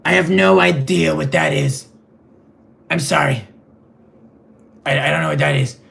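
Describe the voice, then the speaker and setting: A man playing a vain, clueless rich male superhero in a comedic livestream sketch, rambling in a deadpan, gravelly voice. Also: a little high, unhurried, exaggerated voice. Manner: rambling, deadpan, self-absorbed.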